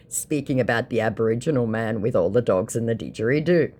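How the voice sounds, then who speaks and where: A woman sarcastically recounting a chat with a scammer, mocking and animated as she acts out both sides. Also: extremely low pitch, moderate pace, slightly rough. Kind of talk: sarcastic storytelling.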